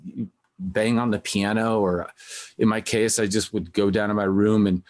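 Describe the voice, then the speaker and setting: A man hosting a music podcast, talking in a casual, rambling way and acting out quotes with lively voices. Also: on the low side, moderate pace. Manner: rambling, animated when quoting others. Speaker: podcast host. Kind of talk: casual conversational interview.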